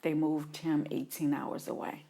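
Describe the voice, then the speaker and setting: Guest, woman from New Orleans, middle-aged, low and gravelly, animated storyteller. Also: measured pace. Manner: animated retelling, acts out her own past reactions. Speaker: guest, mother of an incarcerated son. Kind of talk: emotional interview storytelling.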